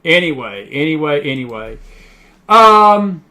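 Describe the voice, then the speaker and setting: A man's voice: on the high side, big pitch swings, unhurried, pushed and bright. A man hosting an online talk show, talking in a chatty, rambling way with many fillers and restarts. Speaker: host. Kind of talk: casual talk show monologue.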